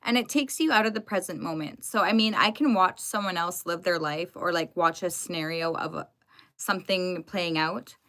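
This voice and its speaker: A woman's voice: fairly low pitch, normal speed, fairly bright tone. A young woman live streaming from home, chatting casually and greeting her viewers by name.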